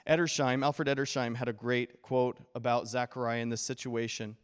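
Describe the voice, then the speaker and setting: A man preaching a sermon as pastor, animated and playful, acting out the voices he quotes with humor. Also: mid-range voice, moderate pace, clear, resonant tone, big-room sound.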